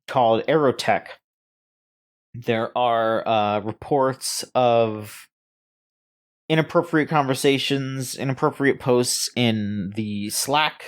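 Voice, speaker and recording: A man co-hosting a casual gaming news podcast, rambling and halting with frequent restarts and fillers. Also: mid-range voice. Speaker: podcast co-host.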